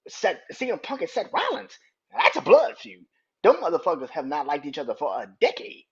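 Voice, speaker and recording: A man in his thirties rants on his podcast, his voice husky and a little high for a man. He swears freely and his pitch swings widely as he gets worked up. The recording sounds dull and lo-fi. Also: a little fast. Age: 30s. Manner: profane, heated, animated ranting. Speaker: podcast host. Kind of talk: casual wrestling rant.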